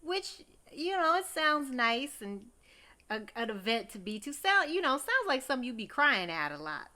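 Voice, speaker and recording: Talking directly to her viewers, a TV recap host runs through an episode in a chatty, gossipy style, full of exclamations. Her high, sing-song voice moves at a moderate pace and sounds pushed and bright.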